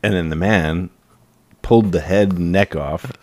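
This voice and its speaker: Brief: very deep male podcast co-host, dry wisecracks. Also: a little slow, background noise. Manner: dry quips, corrects his partner. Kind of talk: casual chat.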